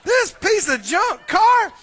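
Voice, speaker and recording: A preacher putting on a griping grouch. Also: male voice, very high-pitched, very animated, slow, fairly bright tone, pitched above the performer's own voice, exaggerated voice. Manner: whiny, griping, exaggerated complaints. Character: grumbling grouchy man complaining about everything.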